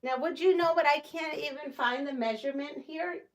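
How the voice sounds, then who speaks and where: A woman's voice: sits high, moderate pace. A woman hosting a casual live quilting stream from her quilting room, chatting with viewers and laughing often. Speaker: quilting channel host. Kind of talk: casual live-stream chat while sewing.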